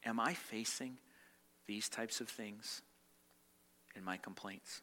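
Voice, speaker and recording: A man preaching a sermon, asking rhetorical questions and repeating phrases, moving between loud emphatic stretches and quiet, slowed reflective ones. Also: on the low side. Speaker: pastor.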